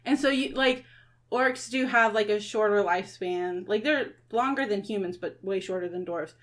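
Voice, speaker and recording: A woman's voice: medium pitch, moderate pace. A woman narrating as game master of a tabletop game, rambling with lots of fillers.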